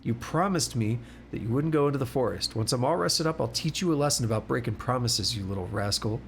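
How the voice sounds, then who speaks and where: A man's voice: medium pitch, lively intonation, fairly quick, slight background noise, close to an everyday voice. A man reading the lines of a tired young woman forest watcher aloud in his own voice from a video game. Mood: tired fondness. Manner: reads the game text aloud.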